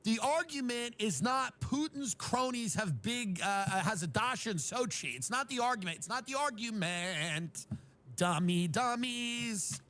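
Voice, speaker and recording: A man's voice: high-pitched, lively intonation, moderate pace, few pauses, sharp tone. A man delivering an exasperated, sarcastic comedic rant, acting out others' voices in mocking asides.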